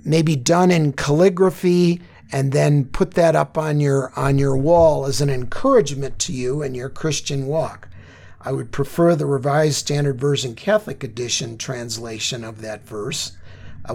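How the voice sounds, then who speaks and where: A man leading a Bible study lesson, reading verses aloud and then explaining them in an earnest, halting way with many fillers. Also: fairly high pitch, vocal fry, darkish tone.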